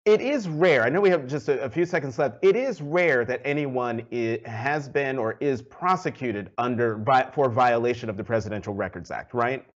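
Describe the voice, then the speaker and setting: A man's voice: medium pitch, moderate pace, few pauses. Male interview host, conversational, laughs easily, muffled lo-fi remote audio. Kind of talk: hosting a news interview.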